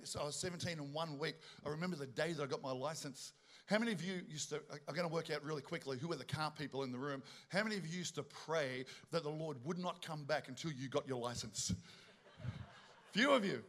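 A middle-aged man preaching a sermon, telling jokey stories and bantering with the congregation. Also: fairly high pitch. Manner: animated, joking storyteller with asides to the congregation. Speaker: pastor.

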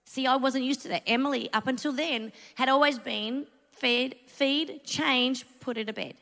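A woman's voice: high-pitched, moderate pace, gravelly, fairly bright tone. A middle-aged Australian woman giving a sermon, telling a personal story in a chatty, earnest way with asides. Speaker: church speaker. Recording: long hall reverb.

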